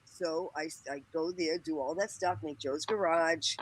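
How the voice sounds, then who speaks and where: A woman's voice: low-pitched, steady tone, measured pace, noisy background. A woman guest telling a rambling, profane story in casual chat, laughing often and acting out the people she quotes. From Boston area. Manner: laughs often, swears, acts out quoted voices.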